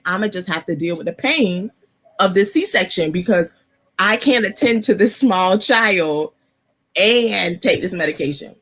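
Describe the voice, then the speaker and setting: A woman hosting a casual live-stream chat, talking softly because of an ear infection, laughing and chatty, sitting close to her computer mic. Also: medium pitch, expressive, a little slow, husky. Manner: chatty, laughing asides, many fillers. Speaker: host.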